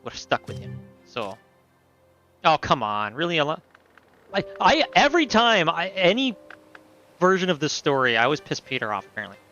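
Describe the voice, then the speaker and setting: A man casually commenting on a game he plays, lively and joking, with some swearing. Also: on the high side, brisk, dull audio, soft background music. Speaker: let's play host.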